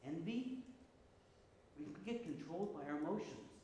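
A man preaching a sermon as pastor, animated, with frequent restarts and repeated words. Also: fairly high pitch, moderate pace, slight background noise. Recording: echoey hall with long reverb.

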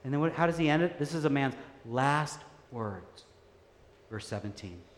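A man's voice: mid-range voice, normal speed. Man preaching in an echoey hall. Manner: earnest, animated storytelling, laughs easily. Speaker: pastor. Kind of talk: sermon. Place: church sanctuary. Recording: echoey hall with faint ambience.

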